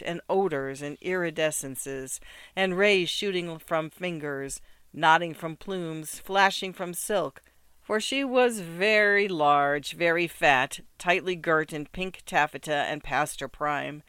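A man reads a literary story with measured, rhythmic phrasing, his smooth, resonant voice sitting slightly high. The sound is close and dry, with no room around it. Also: sharp tone, no room sound. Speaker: narrator. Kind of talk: scripted narration of a literary story.

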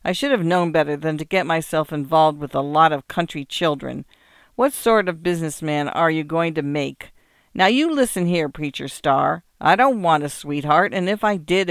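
A man voicing a prim, bossy, sharp-tongued little girl in a story reading, with a crisp, scolding manner. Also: on the high side, no echo, clean studio sound, lightly acted. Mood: huffy.

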